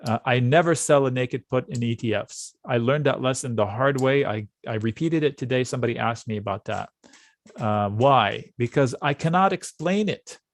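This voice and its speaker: A man teaching options trading in a live session, lively and full of rhetorical questions and quick asides. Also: mid-range voice, dry recording.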